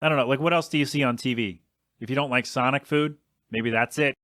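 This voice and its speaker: Alone on his casual podcast, a young adult man rambles through exasperated complaints, swearing now and then. He speaks briskly in a slightly bright, mid-range voice, and the studio-quality audio has no room sound.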